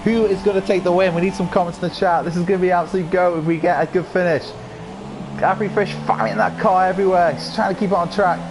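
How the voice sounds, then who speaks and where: A man with a croaky voice giving excitable live commentary on an online racing league, rising to yells at incidents. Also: high-pitched, quick pace, noisy background.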